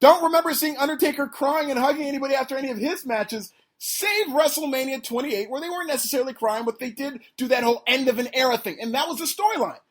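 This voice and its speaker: A man hosting a podcast, delivering an opinionated, sarcastic solo rant that climbs toward near-shouting. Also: very high-pitched, fast, few pauses. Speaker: podcast host.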